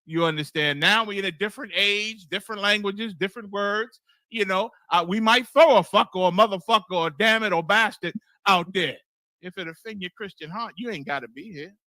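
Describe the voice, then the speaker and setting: Teaching scripture as though preaching, a man speaks a little fast in a high, bright, forceful voice on a dry recording. He is blunt and emphatic, curses freely, repeats phrases for emphasis, and keeps asking "you understand?".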